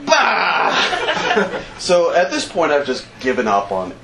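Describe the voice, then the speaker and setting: A man telling a comic war story to a live convention audience, laughing and acting out shouts and sound effects. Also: a little high, huge pitch swings, slow, creaky, heavy background noise. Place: convention stage.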